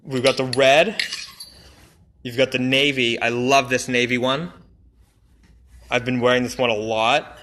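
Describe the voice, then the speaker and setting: This brand representative shows off new clothing on a live stream, talking casually, enthusiastically and ramblingly with plenty of fillers and restarts. His mid-range voice is flat and fairly bright, unhurried with frequent pauses. A phone or camera mic catches a little hiss or hum.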